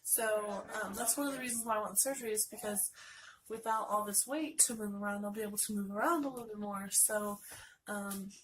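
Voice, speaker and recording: A woman's voice: mid-range voice, steady tone, a little fast, a bit bright, a little hiss or hum, poor audio. A woman in her late twenties, a vlogger, telling a story to camera in a rambling, chatty way and acting out what others said, congested from a sinus infection. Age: late 20s. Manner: chatty, rambling, acts out quoted people.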